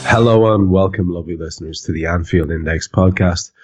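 A man's voice: low voice, a little fast, faint music behind. A man hosting a football podcast in a rambling, casual way with plenty of hesitations. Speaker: podcast host. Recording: dull lo-fi recording.

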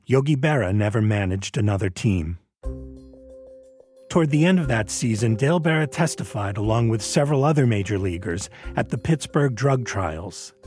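Man narrating a documentary, measured. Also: mid-range voice, darkish tone.

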